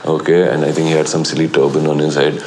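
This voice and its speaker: A man's voice: very deep voice, fast, slight background noise. A middle-aged man, a film actor in a documentary interview, telling anecdotes and acting out what others said. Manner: animated storyteller who acts out quoted lines.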